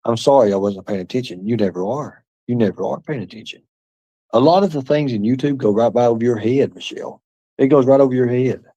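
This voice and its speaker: Male livestream host, mid-pitched voice, rambling and mocking, profane, muttered asides to chat. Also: fairly quick, warm tone, lo-fi sound. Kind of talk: rambling live-stream chat reading comments.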